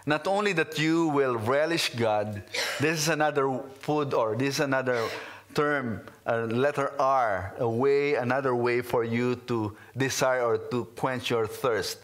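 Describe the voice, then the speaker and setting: A man preaching a sermon in English, which is not his first language. He speaks at an unhurried pace in a mid-range voice, earnest and reflective, pausing often between phrases. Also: medium pitch, fairly bright tone. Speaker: pastor. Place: in his car.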